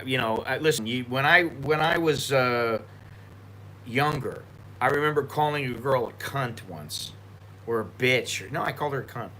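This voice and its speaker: A man's voice: medium pitch, sharp tone, a little hiss or hum. An American man chatting loosely on a live stream while drinking tequila, swearing and rambling with many restarts. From United States. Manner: profane, rambling, frequent restarts.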